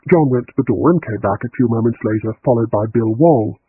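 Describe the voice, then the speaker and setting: A man narrating an audiobook in a measured storytelling manner. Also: medium pitch, breathy edge. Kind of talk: scripted narration. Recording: tinny phone-like line.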